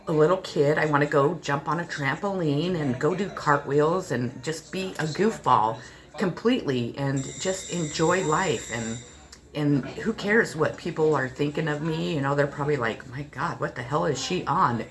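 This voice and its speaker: A woman's voice: low-pitched, fairly bright tone, low-quality recording. A woman in her forties talking to her subscribers in an emotional, rambling personal vlog, often repeating herself. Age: 40s. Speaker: spiritual channel host.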